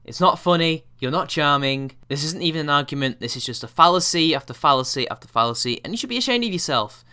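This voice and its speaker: Bright, scornful male commentator. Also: fairly high pitch, animated, fast, clear, resonant tone. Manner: scornful, exasperated rebuttals. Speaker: video commentator. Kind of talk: response video commentary.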